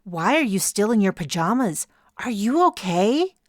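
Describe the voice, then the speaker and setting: A woman's voice: medium pitch, big pitch swings, moderate pace, dry recording, clean studio sound, pitched above the performer's own voice. A woman voicing a condescending young female starship captain who gloats with false sweetness. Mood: smug. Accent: slips into an accent when frustrated.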